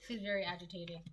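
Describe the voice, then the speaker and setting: A woman's voice: fairly low pitch, a little hiss or hum. A young woman giving a casual solo tarot reading, rambling and chatty with lots of fillers. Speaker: tarot reader.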